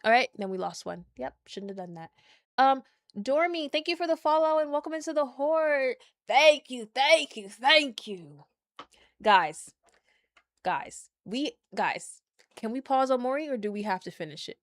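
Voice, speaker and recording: A woman gaming streamer talking casually and excitably with her live chat. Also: high-pitched, normal speed, no room sound, studio quality. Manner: excitable, chatty, talks to chat.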